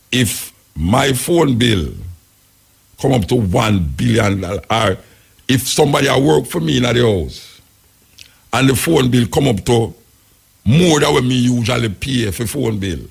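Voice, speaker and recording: A man's voice: medium pitch, vocal fry, slightly rough. A Jamaican man hosting a talk radio show, delivering rambling, emphatic commentary in patois.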